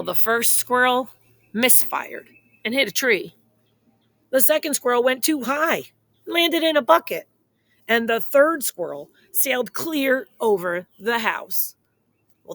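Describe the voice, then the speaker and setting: A woman reading a children's picture book aloud in a playful, expressive way, speaking straight to young listeners. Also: medium pitch, vocal fry, no echo. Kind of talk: children's story read-aloud.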